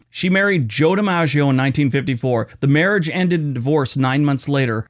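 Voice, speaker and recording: Chatty man with a slight lisp. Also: fairly high pitch. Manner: chatty asides between read facts. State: after dental work. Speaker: host. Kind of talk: casual history narration.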